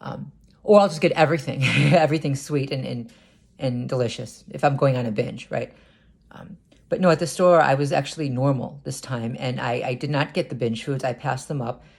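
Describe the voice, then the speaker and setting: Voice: medium pitch, moderate pace, creaky, breathy edge. An adult talking through a personal confessional vlog, hesitant and stammering, with many restarts and repeated words. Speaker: vlogger.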